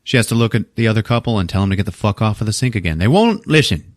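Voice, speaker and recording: A man's voice: fairly low pitch, rapid-fire, no echo, studio quality. A man hosting a podcast, recapping a movie in a crude, laughing, casual way. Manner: crude, laughing, animated storyteller. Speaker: podcast host.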